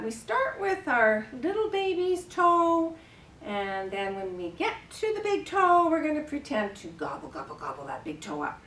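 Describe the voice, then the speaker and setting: A woman librarian leading babies and parents through rhymes and action songs, gentle and playful, with exaggerated gasps and animal sounds. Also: medium pitch. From Canada. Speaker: children's librarian leading baby rhyme time. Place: library program room, recorded on camera. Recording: echoey room, camera at a distance.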